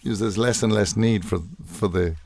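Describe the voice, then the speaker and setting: An older man speaks in a deep, low register. He tells stories animatedly in a casual interview, often acting out quoted lines. The recording is close and dry, with no room sound. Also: unhurried, vocal fry, a little mellow, dry recording. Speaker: voice actor guest.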